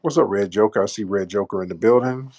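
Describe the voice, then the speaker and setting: A man's voice: fairly low pitch, quick pace, darkish tone. A man hosting a live call-in room, bantering with callers in a crude, mocking, joking way.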